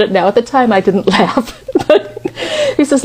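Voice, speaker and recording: A woman of about fifty giving a storytelling talk in a conversational, expressive way. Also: mid-range voice, fairly quick, a little hiss or hum. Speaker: speaker.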